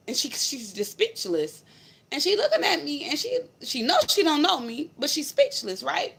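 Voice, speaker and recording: A woman's voice: high voice, sing-song, normal speed, fairly bright tone. Woman telling a blunt, profane story. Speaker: spiritual vlogger. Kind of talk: casual storytelling to camera.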